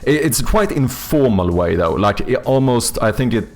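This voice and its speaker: A man's voice: mid-range voice, lively intonation, normal speed, a little mellow. A man, chatting casually with viewers on a live stream while playing a word game, thinking aloud and swearing freely.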